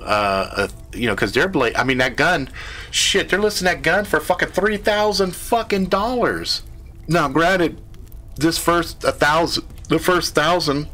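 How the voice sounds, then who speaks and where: A man's voice: mid-range voice, pushed and bright. A man hosting a live stream, telling a rambling, profane story in casual chat.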